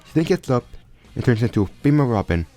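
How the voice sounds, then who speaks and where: A man's voice: mid-range voice, very animated, fast talker, dark tone. A man casually improvising a story aloud, often stumbling and restarting his sentences. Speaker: storyteller retelling a fan crossover story. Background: faint background music.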